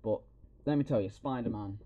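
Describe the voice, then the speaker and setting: A man hosting a podcast, excitedly retelling a film scene by scene with plenty of swearing. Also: medium pitch, a little fast, dull audio. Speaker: podcast host. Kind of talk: casual film review chat.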